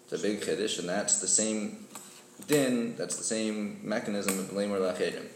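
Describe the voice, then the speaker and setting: A man's voice: fairly low pitch, steady tone, normal speed. A man in a group study of a religious text, setting out a point and unsure of parts of it. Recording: echoey room with background noise.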